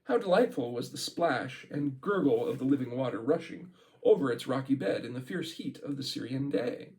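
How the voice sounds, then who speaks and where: In a low-quality recording, a man reads a book aloud as an amateur, interrupting himself with chatty asides and laughs. His mid-range voice is animated and a little mellow, at a moderate pace.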